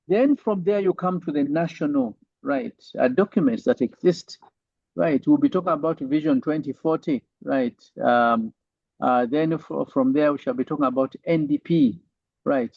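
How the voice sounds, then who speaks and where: A man's voice: fairly high pitch, dry recording, lo-fi sound. A male university lecturer giving an online lecture, tagging sentences with "right?" and many fillers.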